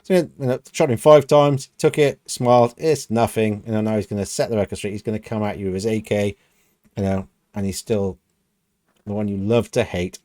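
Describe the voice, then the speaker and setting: British guy reacting to music, low mellow voice, rambly, says you know a lot, dry close sound. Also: fairly even intonation, normal speed, dry recording. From United Kingdom. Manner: rambling, thinking aloud with many "you know"s. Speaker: reaction video host. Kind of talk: casual reaction commentary.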